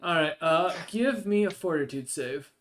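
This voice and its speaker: Higher-voiced man running a tabletop game. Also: lively intonation, normal speed, a bit bright, a little hiss or hum. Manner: hesitant, full of ums and uhs. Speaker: game master.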